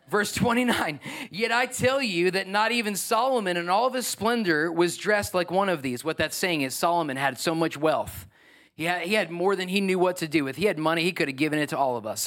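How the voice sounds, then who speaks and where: High-voiced, animated man preaching a sermon. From New York. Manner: animated, emphatic, asks the congregation questions. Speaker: pastor.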